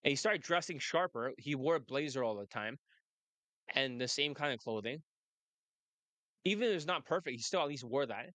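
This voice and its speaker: A man's voice: mid-range voice, lively intonation, moderate pace, long pauses, fairly bright tone, no room sound. A man working as a dating coach, talking in a brash, rambling way and laughing often. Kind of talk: casual monologue and phone chat.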